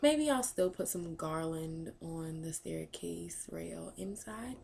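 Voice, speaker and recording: A woman's voice: sits low, animated, takes it slowly, gravelly, a little mellow, a little hiss or hum. Chatty woman vlogger with many ums. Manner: rambling, thinks aloud with many ums. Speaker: vlog host answering viewer questions. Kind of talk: casual chat.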